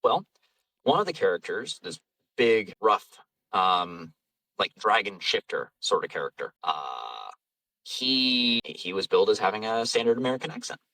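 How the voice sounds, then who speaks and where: A man's voice: on the low side, very animated, normal speed, pushed and bright, no echo, distant mic, low-quality recording. A man, an audiobook narrator and voice actor, chatting casually in an interview, rambling and self-deprecating, laughing often. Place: home vocal booth.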